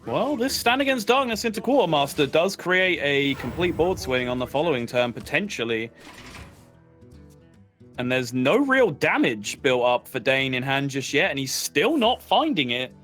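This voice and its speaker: A man's voice: a little high, sing-song, moderate pace, fairly bright tone, soft background music. A man co-casting a card game match, dry and wry in his banter. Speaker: esports co-caster. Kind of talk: live game commentary.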